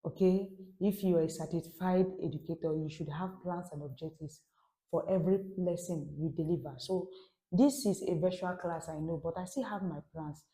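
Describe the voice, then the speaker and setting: Mellow-voiced woman teaching a casual lesson. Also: on the low side, normal speed. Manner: chatty, musing aloud to viewers. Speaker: French teacher. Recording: roomy echo.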